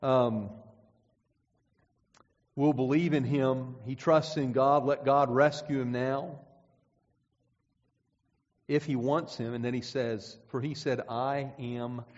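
A man's voice: mid-range voice, slow pace, pauses often, darkish tone. A man preaching a sermon, reading scripture aloud and pressing his points with emphatic, rising and falling delivery. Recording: dull sound with long hall reverb.

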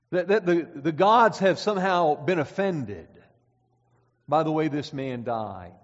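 A man preaching a sermon in a church, relaxed and conversational, stumbling over repeated words as he reads scripture aloud. His voice sits a little high for a man. The recording is dull and muffled, with a long reverb trailing off the hall walls. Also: slow pace.

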